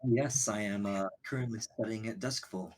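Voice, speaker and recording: A man's voice: fairly low pitch, moderate pace, a little mellow, close to an everyday voice. A man playing a young male student and heir, courteous and assured in tone.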